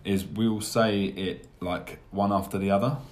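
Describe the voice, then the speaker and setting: A young man with a very deep voice hosts a casual podcast. He rambles through his points and often jokes at his own expense. His tone is laid-back and chatty. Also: fairly even intonation, normal speed, darkish tone. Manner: jokey, rambling, self-deprecating. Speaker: podcast host. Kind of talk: casual chat.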